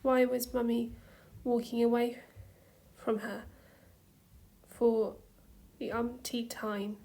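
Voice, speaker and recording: A woman narrating a fan story softly, with a hushed, gentle reading voice. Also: a little high, little pitch movement, gravelly. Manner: slow, soft, hushed reading. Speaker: fanfiction reader.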